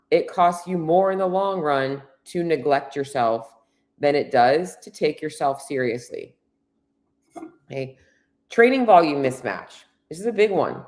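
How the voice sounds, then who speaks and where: A woman's voice: low-pitched, a little mellow. A woman fitness coach talking straight to women in a solo podcast, blunt and candid, swearing freely as she coaches. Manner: earnest, coaching tone addressing women directly.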